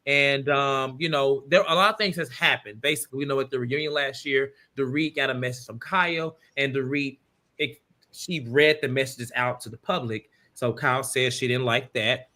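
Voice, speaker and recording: A man's voice: medium pitch, normal speed, sharp tone. A man hosting a casual reality-TV review panel over a video call, recapping loosely with lots of fillers. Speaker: podcast host.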